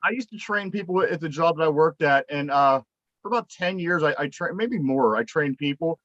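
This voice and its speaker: High-voiced Pittsburgh man hosting a podcast. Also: lively intonation, brisk, a bit bright, dry recording, highs cut off. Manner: earnest, opinionated, repeats himself while thinking. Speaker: podcast host. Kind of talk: casual podcast chat.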